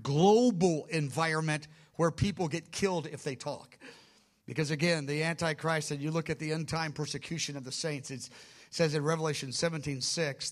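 A man's voice: fairly high pitch, a bit bright. A man teaching through a Bible book chapter by chapter, emphatic and repeating key words for stress.

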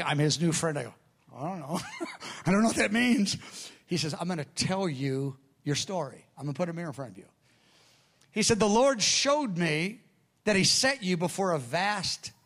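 A man's voice: fairly high pitch, normal speed, creaky. A middle-aged man preaching a sermon, telling a story with acted-out dialogue. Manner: animated storyteller, acts out quoted dialogue.

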